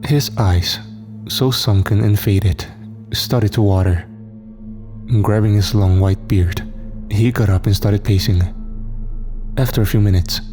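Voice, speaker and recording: A man narrating a scripted horror story in a steady, somber way. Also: on the low side.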